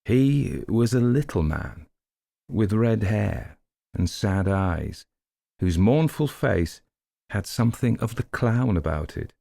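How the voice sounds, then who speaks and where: A man reading an audiobook detective story in measured, unhurried narration. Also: fairly low pitch, sing-song, creaky, warm tone, no room sound.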